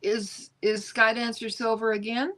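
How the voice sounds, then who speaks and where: A woman's voice: on the high side, flat delivery, measured pace, fairly bright tone. A woman co-hosting a live stream, chatting casually, mostly giving short replies and asking questions. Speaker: co-host.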